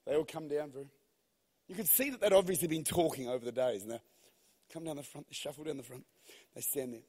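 A man preaching a sermon in a large church hall, telling stories in a lively, animated way that swings from hushed to shouting. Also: fairly high pitch, quick pace, husky. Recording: long hall reverb.

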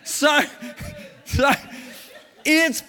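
A man preaching a sermon, telling stories and swinging from low, hushed lines to loud shouted bursts. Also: fairly even intonation, extremely slow, big-room sound.

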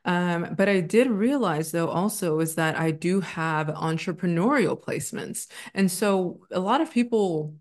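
A woman in her thirties talks straight to camera in a loose, confessional vlog, pausing often with ums. Her voice sits a little low for a woman. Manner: candid, rambling, frequent ums. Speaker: astrologer and former teacher. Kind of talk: casual personal vlog.

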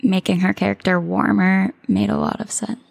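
A woman with a gravelly, mid-pitched voice drops trivia and dry side remarks into a film chat. She sounds casual and easygoing. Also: flat delivery, normal speed, dry recording. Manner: adds trivia and wry asides. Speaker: podcast co-host.

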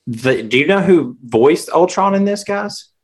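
A man's voice: fairly high pitch, expressive, unhurried, slightly rough. A man co-hosting a casual podcast, joking and playful. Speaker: podcast co-host. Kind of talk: casual chat.

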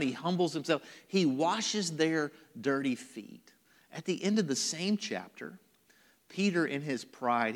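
A man's voice: mid-range voice, a bit bright, long reverb tail. A man preaching a conversational sermon as pastor of his church, now and then dropping to a whisper for emphasis.

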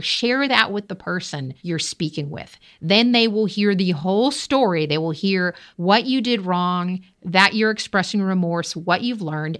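A woman talks straight to her listener, coaching leaders through a solo podcast episode. Her voice sits at an ordinary middle pitch. She is direct and encouraging, now and then calling the listener her friend. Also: fairly bright tone. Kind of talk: solo podcast advice talk.

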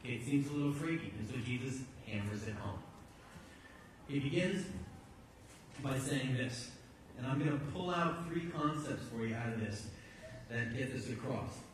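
A man's voice: mid-range voice, normal speed, slight background noise. A man preaching a sermon as pastor, in a conversational, emphatic way, often repeating words as he goes. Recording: echoey hall, distant mic.

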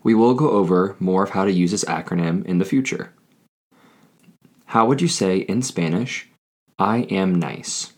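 A man hosting a scripted Spanish lesson, speaking deliberately and repeating each phrase for learners. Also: low voice. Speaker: Spanish teacher.

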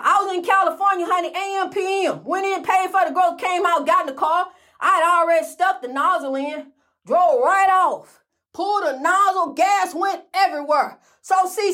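A woman's voice: very high voice, sharp tone. A woman with talking in a casual, emphatic monologue, repeating phrases and calling listeners honey. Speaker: host of a faith-based movement channel.

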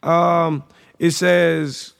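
A gravelly-voiced young man shares his old journal entries on a podcast. He talks loosely and slangily, then reads with raw emotion and reflection. His voice sits a little higher than most men's. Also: flat delivery, extremely slow. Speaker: podcast host. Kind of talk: reading personal journal entries aloud.

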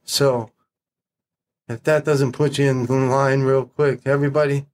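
A man's voice: mid-range voice, a little slow. Blunt, profane man telling stories. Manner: blunt, profane, animated storyteller. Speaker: podcast guest. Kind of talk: casual storytelling.

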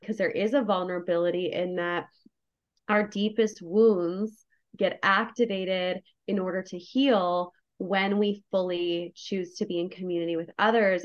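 A woman podcast guest telling a personal story in a candid, effusive way, full of "like" fillers. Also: fairly low pitch. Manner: effusive, emotionally open, many "like" fillers. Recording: dull lo-fi recording.

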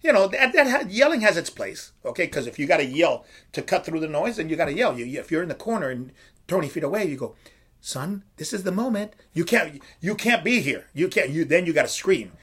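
A man's voice: fairly high pitch, very animated, quick pace, fairly bright tone, slightly rough. A middle-aged man hosting a podcast, talking like a coach who swears freely and asks and answers his own questions. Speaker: podcast host and strength coach. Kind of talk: casual podcast talk.

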